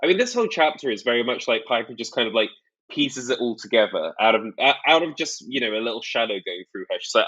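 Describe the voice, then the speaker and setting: A man's voice: mid-range voice, fast talker, slightly rough, highs cut off. A man co-hosting a podcast, chatting casually as he recaps a book and acts out the characters' quotes. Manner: animated storytelling, acts out quotes. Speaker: podcast co-host.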